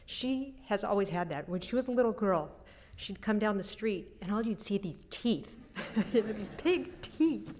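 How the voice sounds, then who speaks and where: Brief: middle-aged woman, eulogy for her sister, anecdotal, gentle laughs, mid pitch. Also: lively intonation, a little slow, slight background noise. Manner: anecdotal storytelling with soft laughs. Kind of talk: funeral eulogy.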